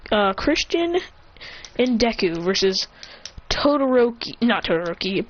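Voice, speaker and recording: A woman narrates an improvised fan story in a rambling, self-correcting way, and her voice sits on the high side. The sound is slightly muffled, with a faint hiss underneath.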